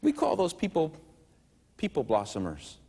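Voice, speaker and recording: A man giving a teaching lecture, emphatic and slowing down to stress his key points. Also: a little high, huge pitch swings, warm tone, slightly rough. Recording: long hall reverb.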